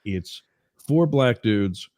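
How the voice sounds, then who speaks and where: A man's voice: fairly low pitch, animated, extremely slow, darkish tone, dry recording. A man hosting a political talk show, teasing his co-hosts and calling out to viewers in the chat. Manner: teasing, jokey asides to the chat. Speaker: host.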